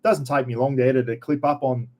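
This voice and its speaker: A man's voice: medium pitch, steady tone, quick pace, darkish tone. A middle-aged Australian man hosting a casual livestream, reading out viewer comments and chatting in a blunt, jokey, rambling way full of slang. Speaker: livestream host.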